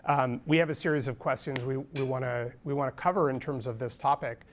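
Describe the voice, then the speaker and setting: A man's voice: medium pitch, a little hiss or hum. Man moderating a live panel. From California, US. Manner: steady, measured, with frequent ums and restarts. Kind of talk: hosting a live panel discussion. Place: conference stage before an audience.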